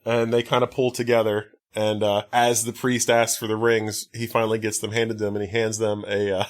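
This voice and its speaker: A man's voice: on the low side, level tone, brisk. A man co-hosting a podcast, recapping a movie in casual chat with wry, profane asides and lots of fillers. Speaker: podcast co-host.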